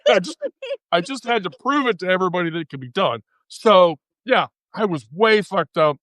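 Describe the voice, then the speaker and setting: A woman's voice: lowish voice, sing-song, moderate pace, dry recording. A woman hosting a livestream, telling a profane, laughing story in casual chat with frequent laughter. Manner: bawdy, profane, laughs through her story. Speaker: livestream host.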